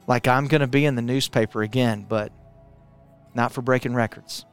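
Middle-aged male testimony speaker, smooth dry voice, intense storyteller, soft music underneath. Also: medium pitch, steady tone, normal speed. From Arkansas, US. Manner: intense, builds with repetition, drops quiet for emphasis. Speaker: speaker sharing a personal testimony. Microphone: camera, speaking to it.

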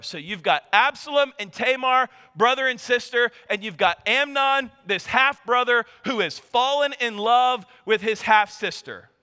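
High-voiced, intense male preacher. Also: smooth, long reverb tail. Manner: intense, drops to a hush at heavy moments. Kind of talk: sermon.

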